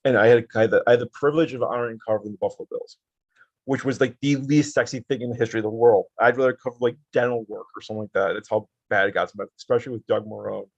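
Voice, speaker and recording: A man's voice: mid-range voice, fairly even intonation, very fast, vocal fry, no room sound, highs cut off. A man who used to cover sports, chatting casually and rambling with lots of fillers. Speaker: podcast guest, former sports reporter.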